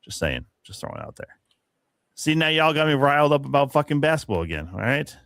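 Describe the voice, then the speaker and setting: A man's voice: on the high side, sing-song, quick pace, vocal fry, fairly bright tone, clean tone, dry recording, studio quality. A man co-hosting a podcast, ranting profanely in casual sports chat and laughing often. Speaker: podcast co-host.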